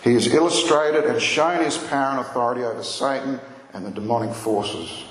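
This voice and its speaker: A man's voice: medium pitch, brisk. Male pastor, earnest sermon delivery, reverberant church hall with faint room noise. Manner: earnest storytelling, rising for emphasis. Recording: echoey hall with long reverb, faint ambience.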